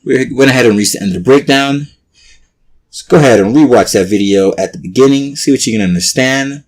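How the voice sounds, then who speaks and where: A man teaching everyday classroom phrases in a relaxed, patient way, as a language lesson host. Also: medium pitch, a little fast. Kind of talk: explaining vocabulary for a language lesson.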